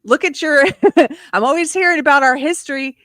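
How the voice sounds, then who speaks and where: A woman hosting a casual live-stream talk show, laughing often and ranting in an animated way. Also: high voice, a little fast, no echo, studio quality. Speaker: host.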